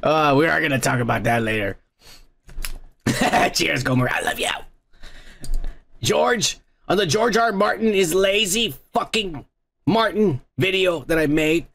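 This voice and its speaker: A man's voice: on the high side, expressive, a little slow, gravelly, long pauses, a bit bright. A man hosting a comedy podcast, reading out viewer comments in a crude, rambling way full of profanity and mocking asides.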